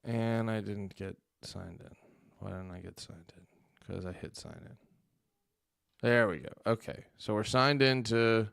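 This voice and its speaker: A man hosts a casual livestream, talking half to his viewers and half to himself. His voice carries a gravelly, creaky texture and sounds close and dry. He mutters irritably and lets curses slip under his breath. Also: fairly low pitch, measured pace, fairly bright tone, no room sound. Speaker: livestream host.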